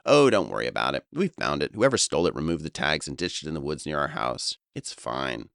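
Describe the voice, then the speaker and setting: A cool-headed teenage boy from an audiobook memoir, sardonic and conspiratorial, as a man reading the book puts him on. The voice is deep, and it is recorded close and dry. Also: sing-song, a little fast, creaky, a bit bright, dry recording, exaggerated voice. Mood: sly. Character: 14-year-old boy friend, cool and sly.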